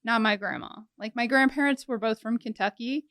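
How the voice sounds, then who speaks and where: A woman's voice: fairly high pitch, fairly quick, a bit bright, no echo, studio quality. A young adult woman from the American South and Kansas, co-hosting a true crime podcast in casual, rambling chat. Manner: rambling, self-interrupting storyteller. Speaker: podcast co-host.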